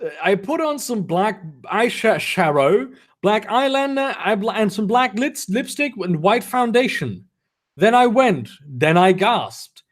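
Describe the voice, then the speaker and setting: A man reads a badly written story aloud in a high, bouncing voice and keeps stopping to mock it. His tone stays sarcastic and amused. His pitch swings a lot from line to line. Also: big pitch swings, slow. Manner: sarcastic, mocking commentary between read lines. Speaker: reader of fan fiction. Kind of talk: comedic dramatic reading with asides.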